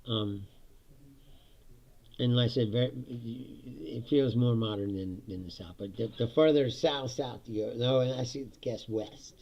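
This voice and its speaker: A man's voice: mid-range voice, vocal fry, muffled recording. A man hosting a casual, profane monologue, laughing often and mocking others in silly voices. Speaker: host.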